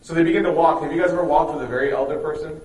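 Man, youth speaker, playful, quizzes the crowd, slightly high voice, distant mic. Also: steady tone, rapid-fire, darkish tone. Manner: joking, quizzes the audience. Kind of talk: storytelling religious talk. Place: room with a live audience. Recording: echoey room, distant mic.

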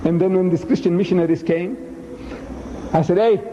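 A man giving a lecture, telling a story with lively acted-out dialogue. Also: high voice, fairly quick, echoey room, big-room sound, lo-fi sound, slight background noise. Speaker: speaker.

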